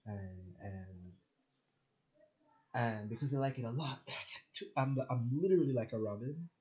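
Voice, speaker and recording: A man's voice: medium pitch, normal speed, dark tone, highs cut off. Chatty young man with Jamaican accent. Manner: chatty, laughing, jumps between topics. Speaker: spiritual channel host. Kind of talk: casual rambling monologue.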